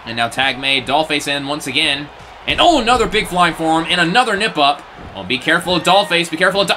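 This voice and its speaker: A young man doing play-by-play for a wrestling video game, his voice high and bright with wide, bouncy swings in pitch. He gets animated, shouting at big moves and grumbling in exasperated asides. A faint hiss of noise sits behind him. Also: fast talker. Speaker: play-by-play commentator.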